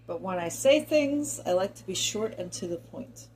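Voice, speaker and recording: Middle-aged american woman ranting to camera, mellow low-key tone, wanders off topic, little bit of room hum behind her. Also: expressive, normal speed, rough recording. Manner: chatty and digressive, talks directly to viewers. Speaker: commentary vlogger. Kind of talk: opinion monologue to camera.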